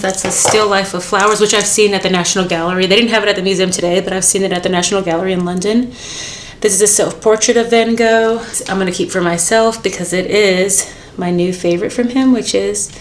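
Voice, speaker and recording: A woman's voice: mid-range voice, background noise. A young woman from the United States, chatting casually and bubbly as a travel vlogger, laughing often. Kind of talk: casual vlog chat. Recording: music playing behind.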